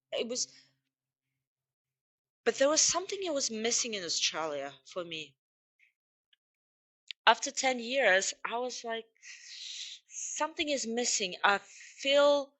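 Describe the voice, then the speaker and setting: Candid woman from Uzbekistan telling her story. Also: a little high. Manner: candid, lively retelling with frequent restarts and fillers. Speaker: podcast guest. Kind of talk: personal storytelling interview.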